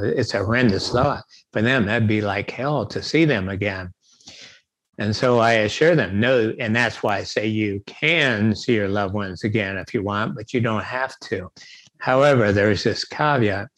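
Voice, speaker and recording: A man's voice: lowish voice, low-quality recording. A man answering interview questions in an earnest, reflective way, retelling stories and quoting the people in them. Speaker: guest speaker on the afterlife.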